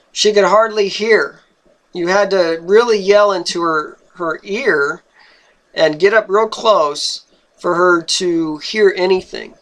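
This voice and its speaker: Young man, high-pitched voice, slow delivery, personal storytelling, earnest, halting, repeats words. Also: fairly bright tone.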